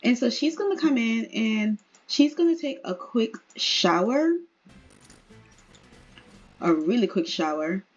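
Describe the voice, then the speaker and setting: High, husky woman chatting through gameplay. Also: expressive, takes it slowly, long pauses, dull audio, faint music behind. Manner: chatty, giggly. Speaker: let's play host. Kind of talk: casual gameplay commentary.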